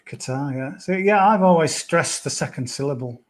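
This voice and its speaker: A man's voice: a little high, animated, normal speed. A man chatting casually as a golf betting pundit on a podcast, rambling and hesitant, with plenty of "sort of" and "yeah".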